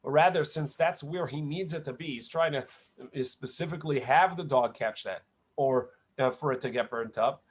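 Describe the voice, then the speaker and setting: A rabbi talks a class through a Talmud passage in an ordinary, mid-pitched man's voice. He explains patiently but haltingly, restarting phrases and filling pauses with "uh" and "um". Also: breathy edge. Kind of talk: online Talmud lecture. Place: home setup, online class.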